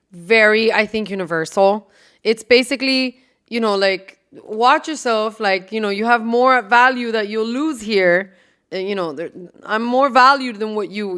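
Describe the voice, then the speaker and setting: Lively young woman podcaster, laughing. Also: on the high side, clear, resonant tone. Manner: animated, laughing, swears freely. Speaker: podcast host. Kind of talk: casual solo podcast chat.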